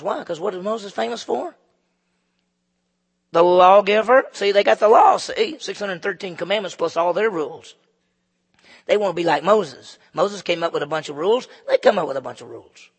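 A male pastor preaching a sermon in a fervent way, swinging between hushed asides and loud emphasis. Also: a little high, expressive, moderate pace, vocal fry, husky, long reverb tail.

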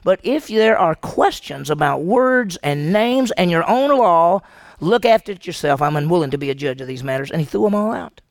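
A man preaching a sermon to his congregation, animated and asking the room questions. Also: fairly high pitch, normal speed, no room sound, clean studio sound. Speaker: pastor. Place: church sanctuary.

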